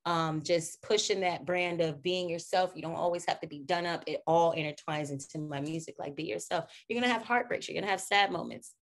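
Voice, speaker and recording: A young adult woman, an R&B singer, chatting casually in an interview, animated and goofy, slipping into playful voices. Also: on the low side, a little fast, hardly any pauses.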